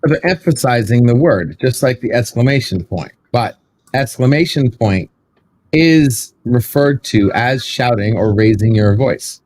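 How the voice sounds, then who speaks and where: A man in a casual debate, arguing his view with quick apologetic asides. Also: mid-range voice, animated, darkish tone.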